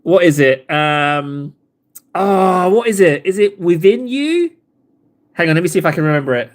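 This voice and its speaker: A man's voice: high-pitched, expressive, normal speed. A man hosting a casual livestream while painting models, playful and joking, laughing often. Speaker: livestream host.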